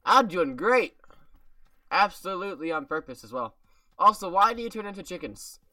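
A man's bright, forceful voice sits high as he briskly narrates his gameplay with lively intonation, far from the mic in a dry recording from a home room. As a gaming video creator doing casual let's-play commentary, he jokes playfully with viewers in a made-up accent.

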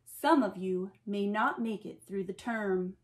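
A woman voicing a stern, fearsome woman writing teacher who snarls and booms her commands, in a storybook read-aloud. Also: a little slow, natural voice. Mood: snarling.

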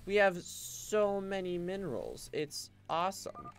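A man's voice: sits high, expressive, a little slow, vocal fry, soft background music. A man giving casual, sarcastic commentary while he plays a game, swearing and breaking into goofy exclamations. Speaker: game streamer.

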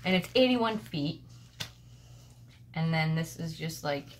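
A woman at her home craft desk chatting casually and excitedly as she shows off mail she received, picked up by a camera on the desk. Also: low-pitched, takes it slowly, a little hiss or hum. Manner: gushing, excitable, rambling. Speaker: crafting vlogger.

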